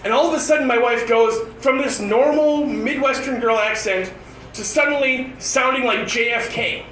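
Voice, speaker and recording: A man's voice: very high-pitched, moderate pace, fairly bright tone, recorded from a distance. A man in his thirties telling rambling family stories at an open mic, often restarting his sentences. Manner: rambling storytelling with frequent restarts. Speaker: stand-up comedian. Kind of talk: stand-up comedy set. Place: bar open mic stage, indoors. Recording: echoey room, voice off-mic, noisy.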